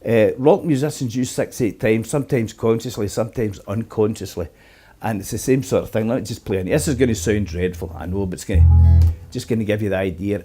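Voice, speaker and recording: A middle-aged man teaches guitar from his apartment in a loose, rambling way, counting out beats as he goes. His voice sits a little low and sounds mellow and relaxed. Soft guitar playing is heard behind him. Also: fast talker, husky. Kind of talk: casual guitar lesson.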